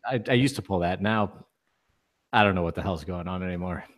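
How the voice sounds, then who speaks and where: Male co-host, low-ish voice, dry self-deprecating humor, casual chat. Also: brisk. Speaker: podcast co-host.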